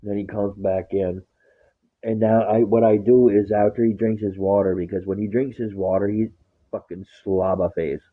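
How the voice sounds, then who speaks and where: Male, low husky voice, casual profane storyteller, phone-quality sound. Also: little pitch movement, normal speed. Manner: rambling, swears a lot, acts out talk to his dog.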